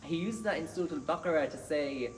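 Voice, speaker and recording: A man's voice: a little high, lively intonation, brisk. A man giving an earnest Friday sermon in a mosque, reciting Arabic scripture between his points. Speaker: mosque preacher. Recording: echoey hall, distant mic, faint noise.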